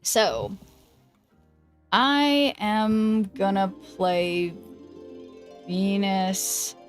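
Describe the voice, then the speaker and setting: A woman streamer chatting casually while she plays a card game, thinking aloud and greeting viewers, with a voice that is going hoarse. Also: medium pitch, lively intonation, drawn-out words, soft background music. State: losing her voice. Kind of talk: casual gameplay commentary.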